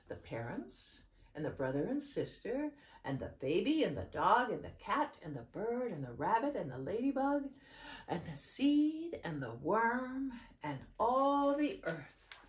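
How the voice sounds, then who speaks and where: A woman reading picture books aloud to children in a sing-song storytelling manner, jumping high for the characters' lines. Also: slight background noise. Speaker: children's program facilitator.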